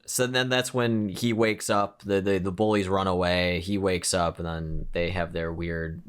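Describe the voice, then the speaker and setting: A man's voice: low voice, level tone, measured pace, clear, resonant tone. A man co-hosting a podcast, recapping a horror film in a rambling, casual way with lots of fillers and restarts. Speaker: podcast co-host. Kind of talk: casual movie review chat.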